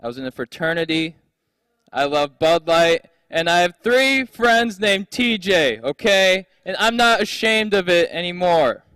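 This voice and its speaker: A man's voice: high-pitched, animated, unhurried, sharp tone, smooth, no room sound, studio quality. A young man doing a stand-up comedy set on a handheld stage mic, brash, profane and self-mocking.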